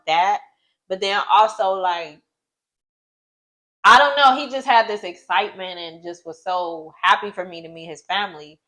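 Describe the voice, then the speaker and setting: A woman's voice: a bit bright, low-quality recording. Emotional woman telling a couple's story. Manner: emotional, rising high when exclaiming. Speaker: co-host.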